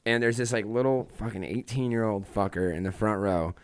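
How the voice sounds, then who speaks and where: Fast-talking man with a smooth voice. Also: fairly low pitch. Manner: crude, laughing storyteller. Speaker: stand-up comedian. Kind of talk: casual podcast chat.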